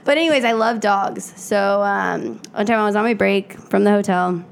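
Young woman guest, gravelly tone, animated storyteller who laughs a lot, casual podcast chat. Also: mid-range voice, normal speed, faint music behind. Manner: animated, laughs often, acts out voices.

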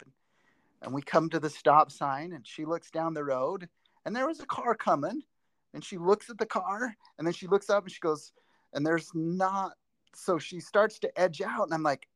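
A man's voice: a little high, normal speed, no room sound. Chatty driving-instructor man telling stories. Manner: rambling, animated storyteller with many restarts. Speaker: driver's ed instructor and school teacher. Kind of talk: casual podcast chat, storytelling.

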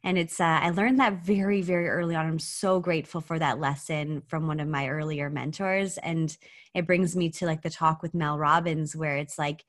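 A woman's voice: deep voice, fairly even intonation, normal speed. A woman hosting a podcast interview, agreeing often and asking her guest questions in a casual chatty way. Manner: warm affirming listener, frequent agreement. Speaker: podcast host.

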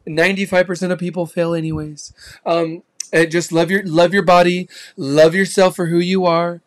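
A man's voice: high voice, level tone, moderate pace, no echo, close to an everyday voice. A man mocking a fake cheerleader who gushes and soothes away failure. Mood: coddling. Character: coddling fake cheerleader, sugary and dismissive.

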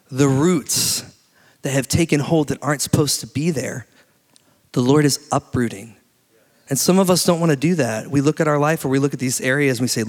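A man in his late thirties preaching a sermon in a church, telling stories with lively energy and laughing often. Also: medium pitch. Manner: animated storytelling, laughs often. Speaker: pastor. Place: church hall. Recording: long hall reverb.

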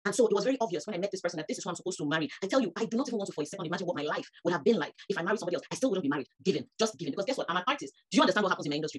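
A woman's voice: lowish voice, racing, hardly any pauses, breathy edge. A woman, preaching a sermon that rises to emphatic peaks. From Nigeria. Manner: animated, rising to emphatic peaks.

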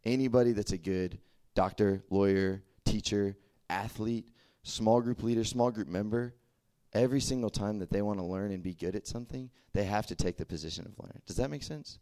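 A young man giving a casual, chatty sermon, full of fillers and quick asides to his listeners. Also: lowish voice. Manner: chatty and animated, full of "like" and "okay?". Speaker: preacher. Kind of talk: casual sermon to a youth group.

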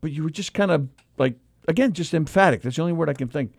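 A man's voice: on the high side, quick pace, vocal fry, darkish tone, no echo, studio quality. A man co-hosting a comedy radio show, telling a rambling story in casual banter with lots of restarts. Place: radio studio.

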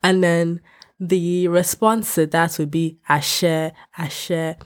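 A woman's voice: on the low side, takes it slowly. Candid woman ranting on her podcast. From West Africa. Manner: animated, candid and ranting, with frequent laughs. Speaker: podcast host. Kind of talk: casual podcast rant. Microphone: podcast microphone.

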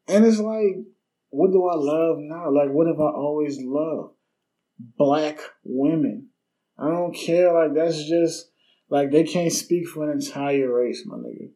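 Blunt young man, mellow solo podcast talk. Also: a little high, unhurried, poor audio. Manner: casual, blunt, swears freely, many fillers. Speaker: podcast host.

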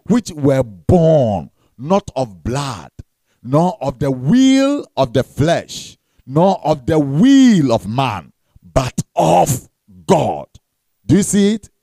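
A man preaching a sermon, leading the congregation in call-and-response with shouted, sing-song emphasis and frequent repetition. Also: mid-range voice, very animated, extremely slow, no echo, studio quality. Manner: repeats words and restarts.

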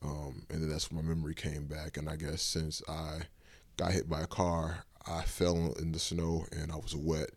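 Very deep, gravelly man telling a story. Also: monotone, normal speed, dry recording. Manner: loose, rambling retelling with many fillers. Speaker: podcast host. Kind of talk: casual personal storytelling.

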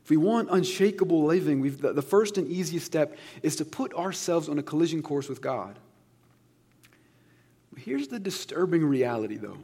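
A man's voice: on the high side, warm tone, breathy edge. A man preaching a sermon as a pastor, earnest and conversational with touches of humor.

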